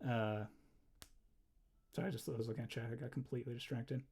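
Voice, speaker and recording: A man's voice: medium pitch, quick pace, vocal fry, breathy edge. Rambling young man on a livestream. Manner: rambling, easily distracted, laughs often; bursts of loud excited exclamations. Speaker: livestreaming animator. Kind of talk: casual livestream chat while drawing.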